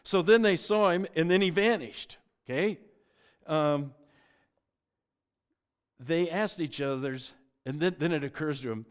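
A man's voice: high-pitched, sing-song, normal speed. A middle-aged man preaching a sermon, telling the story with joking asides and often restarting his sentences. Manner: frequent stammered restarts. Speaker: pastor.

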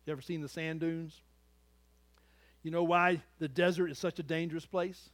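A man delivers a sermon in a high-pitched voice. His delivery swings from loud, emphatic lines to quiet, hushed asides. The sound is dry and close, with no room echo. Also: little pitch movement, moderate pace. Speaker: pastor.

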